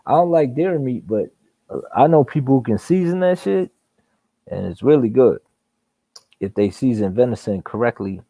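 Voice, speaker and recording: Gravelly dark-voiced guy on a live stream, AAVE, cussing and laughing, dry close sound. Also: medium pitch, expressive, moderate pace, long pauses, no room sound, rough recording. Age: adult. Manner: profane, laughing storyteller. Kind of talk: casual live chat.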